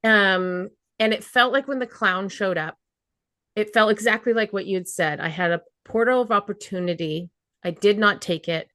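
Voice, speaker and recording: A woman co-hosting a podcast in a casual spiritual chat, animated and laughing as she acts out her own inner voices. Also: medium pitch, normal speed, no room sound, studio quality. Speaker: podcast co-host.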